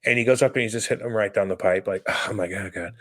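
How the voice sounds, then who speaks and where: A man in his thirties co-hosting a podcast, telling stories in a profane, animated, casual way. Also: on the low side, very fast. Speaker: podcast co-host. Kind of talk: casual chat.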